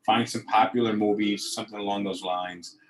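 A man's voice: on the low side, steady tone, brisk, slight background noise. A man co-hosting a casual chat, telling stories with crude jokes and repeated words.

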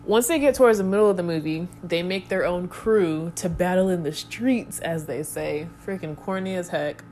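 Chatty low-voiced young woman, rambling. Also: moderate pace, a little mellow, slight background noise. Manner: rambling, chatty, goofy asides. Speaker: vlogger. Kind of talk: casual chat to camera.

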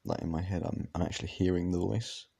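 A man talks through a casual reaction video in an extremely deep voice full of gravelly fry and a husky edge. He rambles, restarts his sentences and swears offhandedly. His commentary is loose and chatty. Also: steady tone, quick pace, dark tone. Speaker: reaction vlogger.

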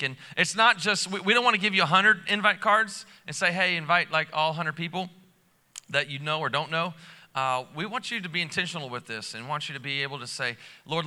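A male pastor preaches live in a big church auditorium, his voice fairly high and very bright with a smooth, resonant ring. He talks in a loose, energetic, rambling way, full of fillers and restarts. The sound carries a long hall reverb. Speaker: lead pastor.

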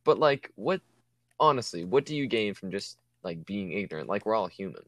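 A man's voice: lowish voice, sing-song, normal speed, no echo. A young man chatting casually in a laid-back way, chiming in with jokes. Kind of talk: casual chat.

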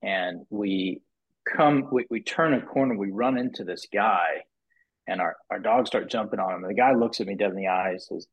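A man guest on a podcast, telling his story in a casual, animated way, with many restarts and repeated "you know"s, and his voice rising high when he acts out what others said. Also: quick pace, gravelly, breathy edge. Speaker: podcast guest, business owner. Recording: muffled lo-fi podcast audio.

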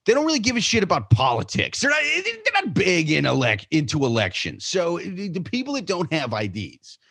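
A man co-hosting a podcast in casual chat, telling stories in an animated, profane way. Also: fairly high pitch, brisk, vocal fry, breathy edge, no echo, clean studio sound. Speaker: podcast co-host.

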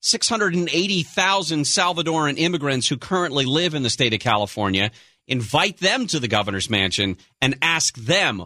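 A man co-hosting a talk radio show, chatting casually and telling stories with sarcastic, animated flair. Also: on the high side, moderate pace, dry recording, studio quality. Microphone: studio microphone.

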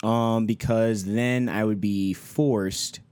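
A man's voice: lowish voice, fairly even intonation, slow, darkish tone, clear, resonant tone, no echo, studio quality. A man from Orlando co-hosting a podcast in casual banter, laughing often and repeating himself when flustered. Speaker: podcast co-host.

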